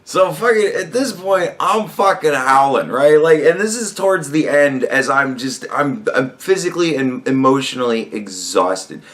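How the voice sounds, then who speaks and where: A man's voice: on the high side, lively intonation, normal speed, hardly any pauses, a bit bright. A man giving a casual, profane, rambling reaction rant, often exasperated and breaking into laughter. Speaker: commentary vlogger.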